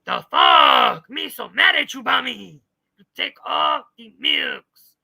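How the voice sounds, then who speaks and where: A woman's voice: high voice, animated, slow pace, gravelly, bright, forceful tone, voice pushed up, heavily acted. A woman putting on the voice of a furious, childish woman who whines in broken baby talk. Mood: whiny shouting.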